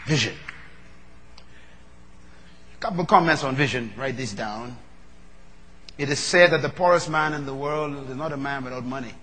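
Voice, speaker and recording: Man preaching in a large hall. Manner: builds from low, measured talk to loud, fervent preaching. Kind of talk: sermon. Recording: long reverb of a large hall.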